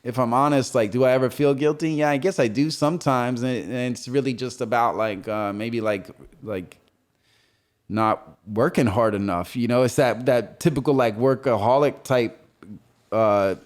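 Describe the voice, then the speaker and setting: This man, a visual artist guest on a laid-back podcast, talks in a loose, meandering way, often using fillers and starting over. His pitch is medium and his pace moderate.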